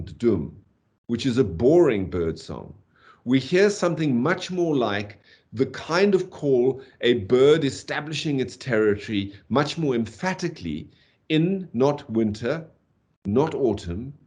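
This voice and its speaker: A man giving a university lecture on poetry, animated, tapping out rhythms aloud and saying "okay" often. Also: medium pitch. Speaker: literature lecturer.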